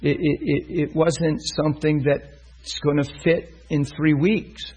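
A man's voice: a little high, steady tone, takes it slowly, a little mellow, slightly rough, rough recording. A man preaching a sermon, telling a story and acting out the voices of the people in it. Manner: storytelling, acts out voices in quotes.

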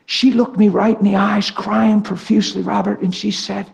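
A man's voice: high-pitched, flat delivery, moderate pace, gravelly, hardly any pauses. A man preaching a sermon, telling his own story with spontaneous, emphatic delivery and acted-out quotes. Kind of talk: sermon with personal testimony.

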